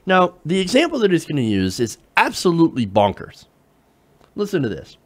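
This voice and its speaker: A man's voice: a little high, wildly swooping pitch, a little fast. A young man hosting a political commentary show, sarcastic and incredulous as he swears his way through a rant. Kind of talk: opinionated news commentary.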